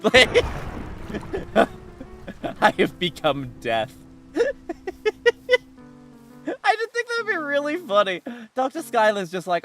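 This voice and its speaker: A man's voice: high-pitched, huge pitch swings, measured pace, pauses often, fairly bright tone, soft background music. A man chatting casually while streaming a game, rambling with many restarts and bursts of laughter. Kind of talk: casual game livestream chat.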